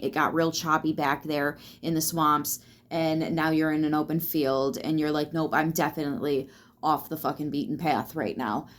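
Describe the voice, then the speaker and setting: A woman giving a casual tarot reading, chatty and reassuring, swearing freely as she talks straight to the viewer. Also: low-pitched. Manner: loose and chatty, swears freely, lots of fillers; reassuring, speaks straight to the listener. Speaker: tarot reader.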